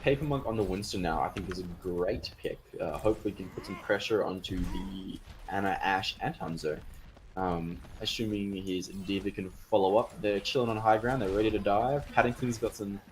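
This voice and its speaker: A man casting a live esports match, chatty and excitable, breaking out in sudden cheers. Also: on the low side, moderate pace, a little hiss or hum. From Australia. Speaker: esports caster. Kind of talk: live esports play-by-play commentary.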